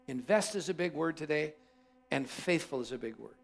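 High-voiced male pastor preaching. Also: moderate pace, creaky. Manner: animated storytelling, repeats himself for emphasis. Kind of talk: sermon.

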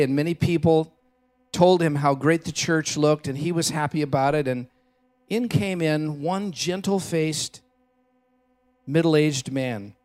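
A man preaching a Christmas Eve sermon in a church, telling a story with dramatic shifts between loud and hushed delivery. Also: on the high side. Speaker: pastor.

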